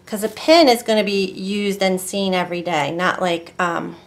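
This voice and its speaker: A woman's voice: mid-range voice, normal speed. Chatty woman rambling through a craft tutorial. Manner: rambling, chatty, self-interrupting. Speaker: craft vlogger. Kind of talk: casual crafting tutorial chat.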